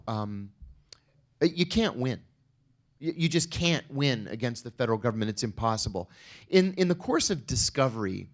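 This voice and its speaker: A middle-aged man speaking on a conference panel, telling a personal story with wry asides. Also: medium pitch. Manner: storytelling, wry, acts out quoted exchanges.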